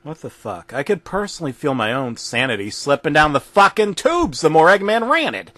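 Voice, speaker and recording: A man reads a comedic horror story full of crude swearing. His voice is high for a man and leaps up and down in pitch. The recording is dry and close. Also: big pitch swings, moderate pace, fairly bright tone, no echo. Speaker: narrator.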